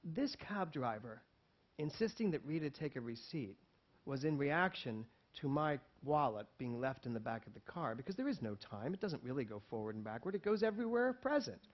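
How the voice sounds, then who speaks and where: A male pastor giving a sermon, telling a personal story in an animated way and acting out the people in it, with laughs between lines. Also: mid-range voice, moderate pace. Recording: dull lo-fi recording.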